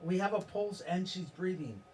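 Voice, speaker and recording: A man voicing a lecherous male doctor who gives brisk bedside reassurances, heard from a distant mic. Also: high voice, expressive, darkish tone, slight background noise, pitched above the performer's own voice. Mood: clinical.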